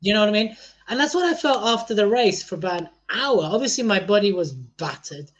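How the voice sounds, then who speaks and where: A man co-hosting a podcast, joking and energetic and laughing often. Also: sits high, brisk. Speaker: podcast co-host. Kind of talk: casual chat.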